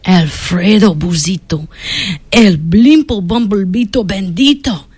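A woman voicing a big, solemn male Chihuahua gang leader in a children's storybook, speaking low, slow and grave. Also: darkish tone, husky, no room sound. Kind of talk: children's storybook read-aloud.

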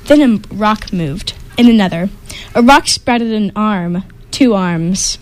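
Expressive woman reading a picture book. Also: medium pitch, slow pace, poor audio. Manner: expressive, with sound effects. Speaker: storyteller. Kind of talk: picture-book read-aloud.

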